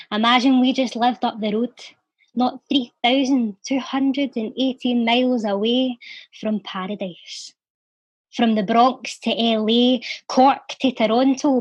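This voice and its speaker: A woman's voice: a little high, no echo. A young woman with a Glaswegian accent, chatting casually and reciting her poetry with a rhythmic lilt. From Scotland. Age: young adult. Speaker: poet and charity volunteer. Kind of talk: casual chat and poetry reading.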